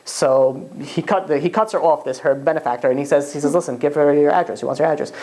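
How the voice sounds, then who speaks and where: A woman's voice: low voice, fast, darkish tone. A woman telling a long story in a chatty, casual way, with many "like" and "you know" fillers.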